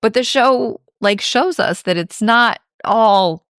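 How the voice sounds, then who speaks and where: A woman podcast co-host, chatting in an animated way as she retells scenes and laughs along. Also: on the high side, slow pace, smooth, dry recording, clean studio sound. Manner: animated storyteller, laughs often. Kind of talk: casual discussion.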